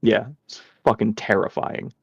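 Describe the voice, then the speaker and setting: A man's voice: on the low side, flat delivery, measured pace, creaky. A man hosting a podcast, telling a story casually, rambling with lots of swearing and filler words. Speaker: podcast host. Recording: dull lo-fi sound.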